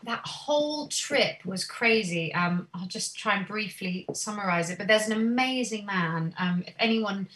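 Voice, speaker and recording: A woman, a singer, telling stories from her career in a chatty, animated way with many "um"s. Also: medium pitch, measured pace, hardly any pauses, recorded from a distance. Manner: animated storyteller, many "um"s, laughs easily. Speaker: guest singer. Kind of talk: casual interview chat.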